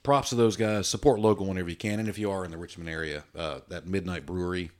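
A man's voice: low voice, steady tone, fast talker, darkish tone. A man co-hosting a podcast, chatting casually in a joking, rambling, easygoing way. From Virginia. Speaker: podcast co-host. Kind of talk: casual chat.

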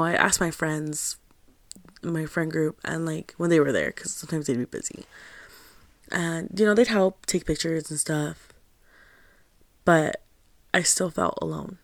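A young woman hosting her own show, telling a personal story in a candid, confiding way, with a steady stream of "like". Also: sits low, gravelly, no room sound. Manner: candid and confiding, heavy use of "like". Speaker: podcast host.

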